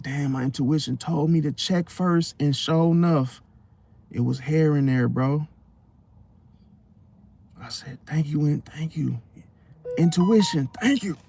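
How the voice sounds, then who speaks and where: A young man, casually telling a personal story in slangy, animated talk. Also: mid-range voice, no echo. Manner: slangy, animated retelling, acts out quotes.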